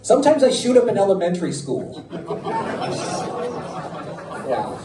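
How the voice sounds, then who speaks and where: A middle-aged American man delivers punchy, self-mocking stand-up with a lively, bouncing pitch. His voice is a little high for a man. It sounds roomy and picked up from a distance, with clear crowd sound and laughter around him. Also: a little slow, background noise. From United States. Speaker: stand-up comedian. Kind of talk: stand-up comedy set. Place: comedy club stage before a live audience. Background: audience laughter.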